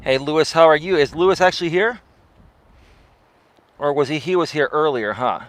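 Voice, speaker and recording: Fairly high-voiced man coaching on a walk. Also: normal speed, a bit bright, dry recording. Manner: conversational and preachy, with frequent rhetorical "right?" tags; talks while walking. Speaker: personal development coach and live-stream host. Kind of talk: casual live-streamed talk while walking. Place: windy outdoor bay-side trail. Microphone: clip-on mic with a foam windscreen near the face.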